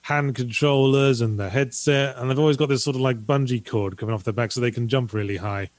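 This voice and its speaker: A man's voice: medium pitch, fairly even intonation, fairly quick. A man, co-hosting a casual podcast chat, dry and wry, reading out viewer donations.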